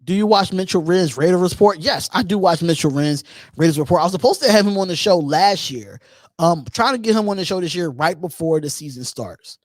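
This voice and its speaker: High-voiced man hosting a call-in show. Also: brisk, no room sound. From Philadelphia. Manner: loose, animated, repeats himself. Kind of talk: casual live-stream chat.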